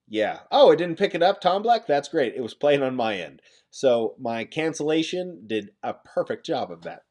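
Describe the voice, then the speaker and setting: A man's voice: mid-range voice, a little mellow. Joking, chatty male livestream host. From Nebraska. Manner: joking, chatty, reads chat aloud. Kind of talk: casual livestream chat.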